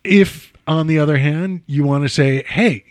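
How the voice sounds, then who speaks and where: Brief: chatty male host, slightly high voice, wanders off on tangents, dry close sound. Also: moderate pace, a little mellow, no echo. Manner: rambling, digressive, full of "you know" asides. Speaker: podcast host. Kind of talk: casual chat.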